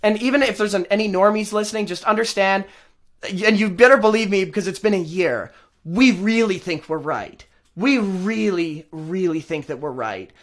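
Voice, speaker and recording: A man's voice: high-pitched, moderate pace. A man hosting his own vlog, talking casually and rambling, repeating himself and laughing often. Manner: rambling, repetitive, frequent laughs. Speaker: host.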